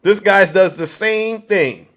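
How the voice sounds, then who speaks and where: A man's voice: high-pitched, takes it slowly, fairly bright tone. A male livestream talk show host giving a combative political monologue in a preachy tone, repeatedly asking "all right?".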